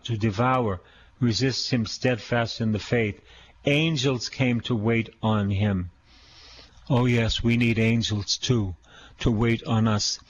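Male priest, sermon delivery, mid-pitched, emphatic and repetitive, dull lo-fi sound. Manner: emphatic, repeating phrases and asking the congregation questions.

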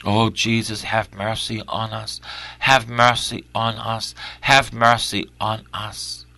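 A male preacher in prayerful preaching, who repeats his phrases and swings from loud cries to hushed whispers. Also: on the low side, level tone, takes it slowly, gravelly, no room sound.

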